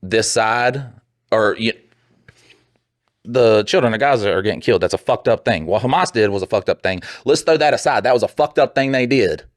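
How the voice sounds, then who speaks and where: A young man rants on a podcast in a lowish voice, swearing freely and slipping into quick mocking impressions of others. The sound is dry and close, with little room. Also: no room sound. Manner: profane, rambling, heated, mimics people in quick bursts. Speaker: podcast co-host. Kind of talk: casual podcast chat.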